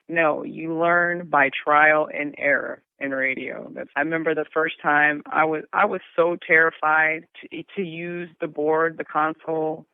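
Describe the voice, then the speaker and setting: A woman's voice: sits low, flat delivery, normal speed, smooth, no echo, narrow, tinny audio. A woman who works in radio, chatting candidly and laughing easily as an interview guest, calling in from her recliner at home. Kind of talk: casual interview chat.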